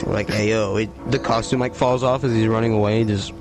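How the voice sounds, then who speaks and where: A man's voice: lowish voice, steady tone, brisk, over music. A young man rambling through a made-up story in casual late-night chat, swearing and laughing a lot. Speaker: friend telling a made-up story.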